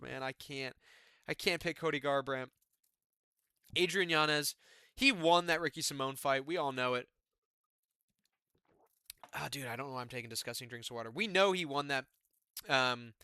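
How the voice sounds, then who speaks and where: A young man casually breaking down fight predictions in an excitable, chatty way, peppered with "man" and "dude". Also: mid-range voice, clean tone, no echo, clean studio sound.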